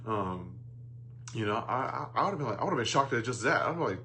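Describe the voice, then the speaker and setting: A man talks through a film in a loose, rambling rant, swearing often and trailing off into fillers and restarts. His voice sits on the low side. A faint hum runs underneath the recording. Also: expressive, normal speed. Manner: bursts into loud mocking jokes. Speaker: movie reviewer. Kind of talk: casual rant.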